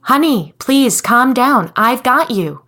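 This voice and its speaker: A woman's voice: fairly high pitch, animated, slow, voice pushed up, heavily acted. A woman voicing a worried, tender mother who soothes her lost child in a spoken horror story. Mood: soothing. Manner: soothing, pleading softly.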